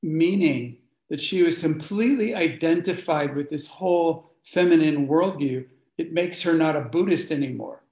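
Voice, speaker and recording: A workshop leader with a slightly high, darkish voice speaks at a normal pace with few pauses. He teaches the group informally, in a conversational way, and puts questions to the audience. The room sounds echoey.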